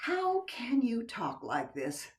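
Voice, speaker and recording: A woman's voice: fairly high pitch, huge pitch swings, slow, full character voice. An older woman playing a coy, soothing wife on a video call, sometimes dropping to a whisper. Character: coy, teasing unfaithful wife, middle-aged. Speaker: stage actor. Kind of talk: stage play reading over video call. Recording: voice a little far from the mic.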